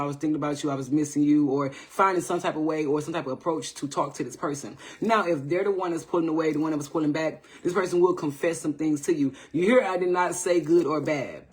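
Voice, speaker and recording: Casting: man, relaxed live tarot reader, slightly higher voice, keeps checking in with "all right?". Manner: loose, repetitive, greets viewers by name, says "all right?" often. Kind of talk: casual live tarot reading.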